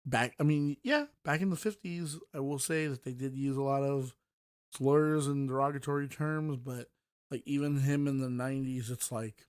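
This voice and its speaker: A man's voice: medium pitch, darkish tone, dry recording, studio quality. A man hosting a podcast, reviewing books in casual, rambling talk full of fillers and restarts. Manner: mocking voices when quoting. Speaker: podcast host.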